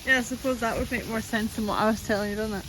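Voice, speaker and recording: A young woman with a fairly high, steady voice talks very fast as a travel vlogger, chatting casually while sightseeing, giggling and thinking aloud with lots of fillers. She films on a camera while walking outdoors and through a museum, and outdoor background noise is clearly audible.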